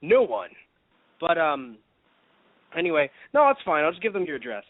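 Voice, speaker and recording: A man's voice: on the high side, sing-song, brisk, no echo. A man co-hosting a podcast in casual chat, rambling with lots of fillers and restarts. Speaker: podcast co-host. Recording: dry, tinny phone-like sound.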